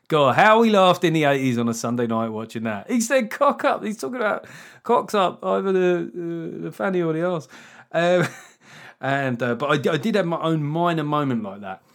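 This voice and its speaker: Middle-aged man, podcast host, casual solo chat, sweary, self-mocking, mid-pitched voice. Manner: sweary, rambling, self-mocking, lively swings in loudness.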